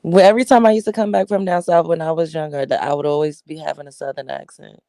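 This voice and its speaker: A woman chatting in a relaxed, low-key, sleepy way, lying at home in bed. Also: quick pace, dry recording, clean studio sound. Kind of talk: casual chat.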